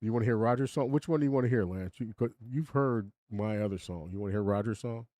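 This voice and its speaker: A man's voice: lowish voice, quick pace, dark tone, dry recording, clean studio sound. An older man hosting his own live stream, rambling and opinionated, chuckling as he talks to his chat. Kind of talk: casual live-stream monologue.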